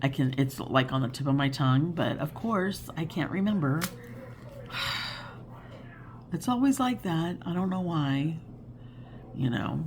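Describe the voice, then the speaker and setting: Woman in her fifties, low voice, unhurried, rambling casual chat, laughs a lot. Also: expressive, a little mellow, slight background noise. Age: 50s. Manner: rambling, chatty, laughing often. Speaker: crafting channel host.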